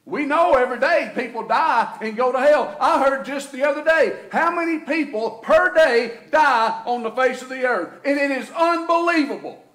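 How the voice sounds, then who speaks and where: A man with a Southern US accent preaching a sermon as pastor, folksy and swinging between loud and quiet. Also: very high voice, lively intonation, normal speed, few pauses. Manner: folksy preaching, rising and falling in intensity. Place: church sanctuary. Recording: echoey church room.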